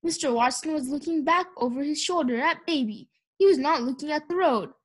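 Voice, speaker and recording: A woman reading a children's storybook aloud at an even pace. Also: high-pitched, a little fast. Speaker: audiobook reader.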